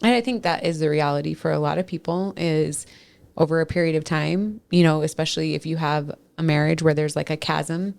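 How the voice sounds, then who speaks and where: A woman in her thirties with a Minnesota accent speaks in a low voice. She co-hosts a relaxed conversation about marriage, earnest and quick to laugh. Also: creaky. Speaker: podcast co-host. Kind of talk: casual marriage chat. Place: studio.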